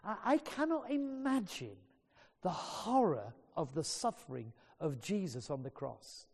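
A man's voice: high voice, very animated, measured pace, vocal fry, a little mellow, slightly rough. A man preaching a sermon, retelling stories with earnest feeling and frequent stumbling restarts. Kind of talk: sermon storytelling. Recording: long hall reverb.

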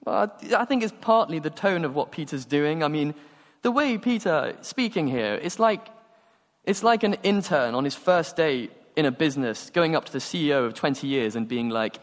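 A man preaching a sermon, telling stories and acting out the dialogue with animated energy. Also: on the high side, normal speed. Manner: animated storytelling, acts out dialogue. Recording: long hall reverb.

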